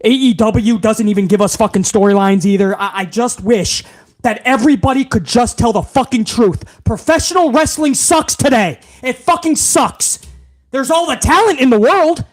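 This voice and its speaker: Male live-stream host, exasperated and swearing, lively pitch. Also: normal speed. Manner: animated, exasperated, profane. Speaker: wrestling commentary host.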